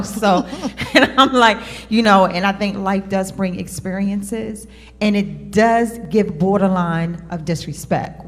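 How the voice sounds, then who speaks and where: Candid woman panelist, low voice, reverberant hall. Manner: candid, reflective, fillers and restarts. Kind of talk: panel discussion.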